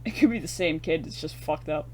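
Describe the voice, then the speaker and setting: Sweary, laughing woman with a lower voice. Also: fairly quick, darkish tone. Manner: loose, sweary, laughing retelling of scenes. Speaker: podcast co-host. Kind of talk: casual film review chat.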